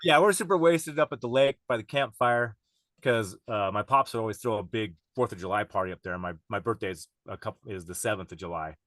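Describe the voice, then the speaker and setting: A man's voice: lowish voice, quick pace, fairly bright tone, dry recording. A man guest on a podcast, telling a wild story in a rambling, profane way with frequent laughs. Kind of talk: casual storytelling chat.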